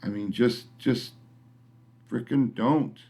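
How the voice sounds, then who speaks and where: A man's voice: medium pitch, takes it slowly, darkish tone. A middle-aged man ranting to the camera in a vlog, grumpy and blunt, rambling with frequent restarts. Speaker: vlogger. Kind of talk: casual rant to camera.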